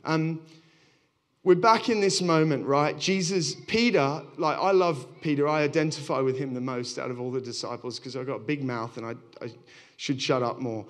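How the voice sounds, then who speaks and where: A man's voice: mid-range voice, moderate pace. A man, a pastor, giving a sermon in a candid, self-deprecating storytelling way.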